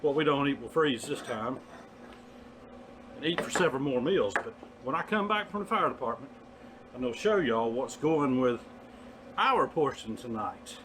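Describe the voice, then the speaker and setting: A man's voice: medium pitch, sing-song, normal speed, noisy background. A man with a Southern US accent, hosting a casual cooking vlog in a folksy way and calling his viewers y'all. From Southern United States. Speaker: cooking vlogger.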